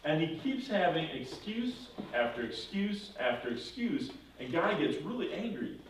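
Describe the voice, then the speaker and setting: A man's voice: a little high, big pitch swings, unhurried, recorded from a distance, slight background noise. Man teaching in an echoey room. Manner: conversational, checking in with 'right?'. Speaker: confirmation teacher. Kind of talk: casual classroom lesson.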